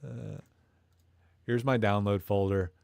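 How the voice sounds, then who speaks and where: A man hosts a casual live stream, rambling from one thought to the next and cracking jokes at the chat. His voice sits a little low. The sound is close and dry, with no room around it. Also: steady tone, takes it slowly, gravelly, darkish tone, no echo. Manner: rambling, jokey, reads chat comments aloud. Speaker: host of a live camera stream.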